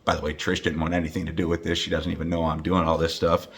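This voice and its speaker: A man's voice: a bass voice, level tone, fast talker, few pauses, fairly bright tone, a little hiss or hum. A man in his fifties chatting to camera in a joking vlog, teasing and playful, with plenty of fillers and asides. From United States. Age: 50s. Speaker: hockey announcer making a greeting video.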